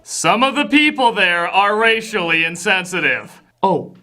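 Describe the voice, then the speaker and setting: A man hosting a comedic film review, delivering scripted, sarcastic, exasperated narration that bursts into shouting. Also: high-pitched, lively intonation, a little slow.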